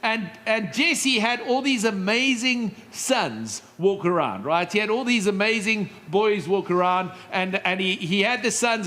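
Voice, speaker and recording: A middle-aged male pastor preaching a sermon, telling stories with lively asides and humor. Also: high voice. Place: church stage.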